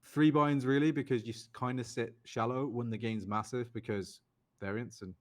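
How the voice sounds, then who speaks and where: A young British man, a poker player and podcast guest, telling casual stories and quoting others in raised, lively voices. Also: mid-range voice, moderate pace. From United Kingdom. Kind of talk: casual storytelling.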